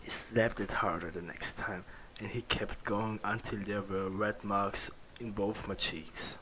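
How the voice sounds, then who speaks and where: A man's voice: on the low side, little pitch movement, unhurried, sharp tone, a little hiss or hum. A man reading fan fiction aloud, stumbling over words and laughing now and then. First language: German. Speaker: reader.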